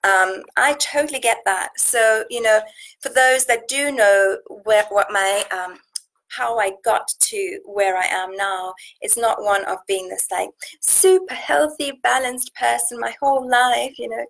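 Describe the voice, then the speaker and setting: A woman's voice: fairly high pitch, measured pace, gravelly, a bit bright, rough recording. A woman from South Africa, a nutrition coach hosting a casual live session, talking in a chatty, earnest way full of fillers and restarts. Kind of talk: casual live stream talk, reading out viewer comments.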